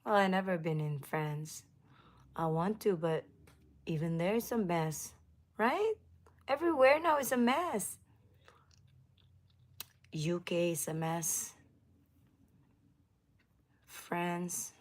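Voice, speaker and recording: A woman hosts a relaxed livestream, chatting with viewers in an unhurried, slightly low voice. She laughs often and now and then drops into a soft whisper. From United States. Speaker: livestream host. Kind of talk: casual livestream chat with viewers.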